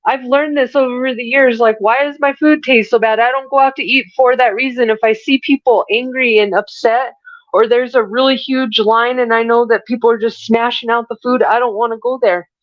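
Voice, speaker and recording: A woman's voice: on the high side, fairly even intonation, normal speed, no room sound, dull audio. Earnest woman giving a spiritual reading. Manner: earnest, preachy, rambling with restarts. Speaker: spiritual reader and podcast host. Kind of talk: channeled spiritual message monologue.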